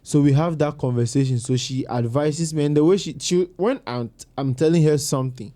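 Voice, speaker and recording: A man's voice: on the high side, fairly quick. A man, chatting casually as a podcast guest and telling stories animatedly. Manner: animated storyteller, mimics his mom in quoted asides. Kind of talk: casual chat.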